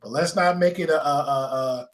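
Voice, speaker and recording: A man's voice: a little high, a little fast, poor audio. Hesitant man hosting a live panel. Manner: loose, hesitant, lots of ums. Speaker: host.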